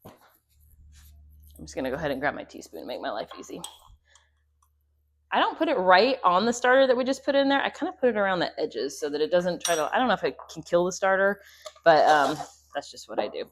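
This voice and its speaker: A woman's voice: on the low side, sing-song, fairly quick, long pauses, slight background noise. A chatty woman gives a casual cooking demonstration in her home kitchen, joking and laughing at herself as she works. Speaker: homestead host. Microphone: clip-on mic.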